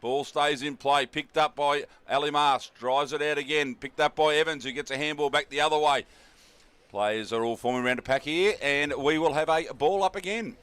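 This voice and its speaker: A man's voice: fairly high pitch, normal speed, a bit bright, clean tone, no echo. An Australian man calling a local football match, chatty and laid-back, with fillers and asides to his co-commentators. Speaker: play-by-play commentator.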